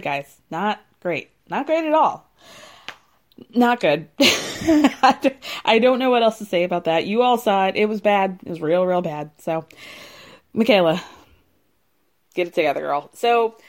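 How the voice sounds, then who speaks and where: A young woman casually recapping a reality show in a chatty, gossipy way, often laughing and acting out what people said. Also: medium pitch.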